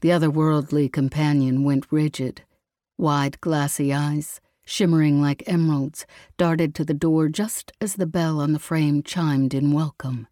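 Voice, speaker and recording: Woman narrator, scripted storytelling, low voice, mellow tone. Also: no echo, studio quality. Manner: slow, even storytelling. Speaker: audiobook narrator.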